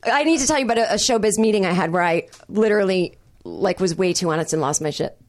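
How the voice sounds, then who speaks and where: A woman's voice: mid-range voice, fast, a crowd in the background. A woman in her forties, a comedian guest telling a story in casual chat, acting out both sides of the conversation with wry humor. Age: 40s. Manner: animated storyteller, acts out quoted exchanges, wry and self-deprecating.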